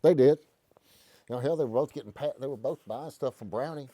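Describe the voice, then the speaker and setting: The host of a casual gun shop live stream talks fast in a warm, medium-pitched voice, without any echo. He jokes around, spins folksy stories, and drifts into long-winded explanations.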